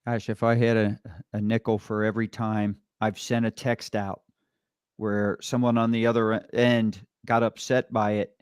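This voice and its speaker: A man's voice: on the low side, level tone, moderate pace, clean tone, no echo, studio quality. A man hosting a podcast interview, asking questions and reflecting in a chatty way. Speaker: podcast host.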